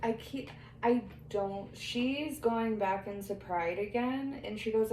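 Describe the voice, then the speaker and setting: A woman's voice: on the high side, takes it slowly, darkish tone. A woman working as a medium who relays what a spirit tells her during a reading, quoting the spirit and breaking into laughter now and then. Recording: echoey room, faint background noise.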